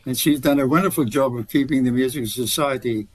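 A man's voice: medium pitch, a little fast, slightly rough, rough recording. Older man, rambling. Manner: rambling storyteller, many restarts. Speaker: guest. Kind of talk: radio interview.

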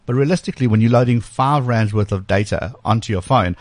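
Man, radio talk host, casual and chatty, lots of fillers, middle pitch, dry close studio mic. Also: brisk, dry recording. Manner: chatty, loose, frequent fillers and restarts. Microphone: studio microphone.

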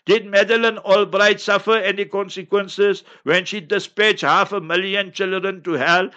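A man's voice: high voice, fairly even intonation, moderate pace, sharp tone, dull audio. A man, a scholar answering listener questions on a talk show, blunt and combative.

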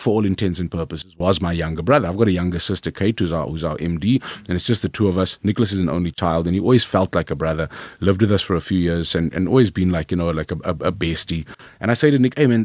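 A man with a South African accent, a comedian telling his story in an interview, lively and rambling, often repeating words as he restarts. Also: low-pitched, no echo, clean studio sound. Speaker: comedian guest.

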